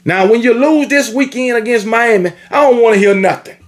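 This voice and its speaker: A man with a notably high voice rants at rival fans. He scolds and repeats himself, swearing freely in a loose monologue. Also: a little fast. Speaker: sports commentator. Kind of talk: ranting sports opinion monologue.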